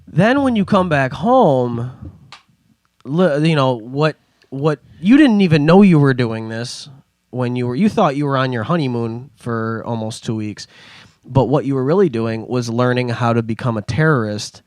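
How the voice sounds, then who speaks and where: Young guy podcast host, rambly storyteller, mid pitch, dead dry mic. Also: moderate pace, dry recording. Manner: rambling, animated storytelling with put-on voices. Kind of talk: casual storytelling.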